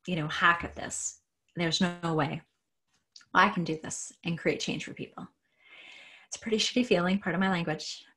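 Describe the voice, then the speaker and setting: Woman coach, lowish husky voice, leads a slow guided tapping exercise with repeated cues. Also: fairly bright tone. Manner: slow, repetitive guiding cues. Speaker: coach and trainer.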